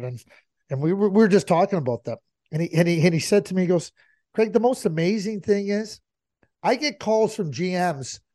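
A man analyzing hockey in a relaxed podcast chat. He gets emphatic, repeats his key words, and stumbles into restarts. His voice runs high. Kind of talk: casual sports talk.

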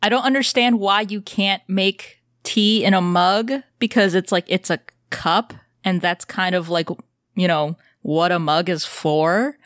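A woman co-hosting a podcast in casual chat, animated, swearing and laughing often. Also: lowish voice, a little slow, no echo, studio quality. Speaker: podcast co-host.

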